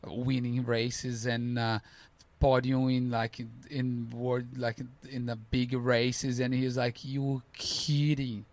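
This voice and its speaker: Gravelly man telling a story animatedly. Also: mid-range voice, takes it slowly, few pauses, dry recording. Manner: animated storytelling, acting out voices, broken English. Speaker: podcast guest, ultrarunner. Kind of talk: casual interview chat.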